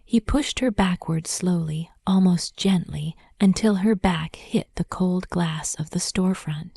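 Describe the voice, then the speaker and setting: A woman tells a dramatic story in whispered role-play, her breathy whisper low, dark and gravelly. The sound is close and dry, with no room around it. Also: measured pace, no echo. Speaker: narrator.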